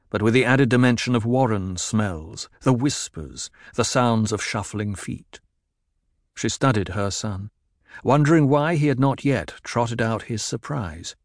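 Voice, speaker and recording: A man reading a novel aloud in an even, measured narration. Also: lowish voice, dry recording, studio quality. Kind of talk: scripted audiobook narration.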